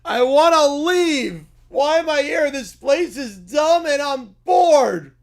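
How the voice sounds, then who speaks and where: Guy doing a high whiny cartoon kid, drags every word out, scared and bratty. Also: lively intonation, heavily acted. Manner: whining, complaining, drawn-out.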